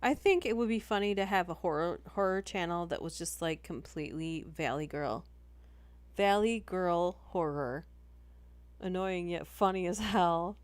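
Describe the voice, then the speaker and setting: A woman with a lowish, slightly slow voice chats casually on a stream between horror story readings, giggling and saying "like" a lot. The recording has no echo.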